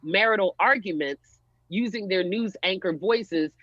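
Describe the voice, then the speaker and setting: Male podcast host, casual and emphatic, somewhat high voice, dull lo-fi recording. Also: moderate pace, a loud crowd. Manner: animated, swearing, repeats himself for emphasis. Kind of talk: casual chat. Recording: dry muffled lo-fi audio.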